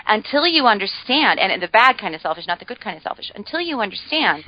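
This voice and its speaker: A woman's voice: mid-range voice, sing-song, fast, bright, forceful tone, dry recording, low-quality recording. A woman guest on a podcast, explaining ideas in a chatty way with frequent fillers and playful humor. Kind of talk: casual podcast conversation.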